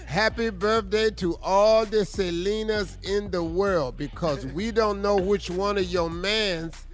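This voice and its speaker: A radio morning host, a man with a high voice, riffing in mock outrage at his callers. He speaks into a studio microphone with music playing clearly behind him. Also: takes it slowly. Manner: mock-indignant, teasing rants. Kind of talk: comedic radio banter.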